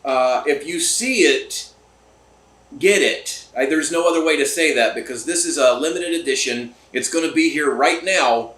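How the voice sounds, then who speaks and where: An enthusiastic, chatty man hosts a casual podcast from a distillery room, recorded with a roomy, distant mic. His voice is on the high side and a bit bright, at normal speed.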